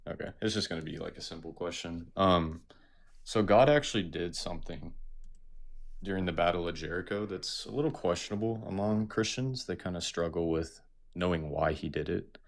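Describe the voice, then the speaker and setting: Gravelly deep-voiced young man caller. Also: moderate pace. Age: 20s. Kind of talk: casual call-in chat.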